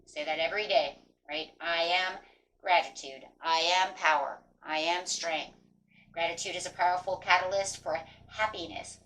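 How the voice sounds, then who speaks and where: A woman giving a casual spoken tarot reading, animated and encouraging, mixing card text with chatty asides and acted-out quotes. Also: fairly low pitch, normal speed, slight background noise, low-quality recording. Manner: acts out quoted inner voices. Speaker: tarot reader.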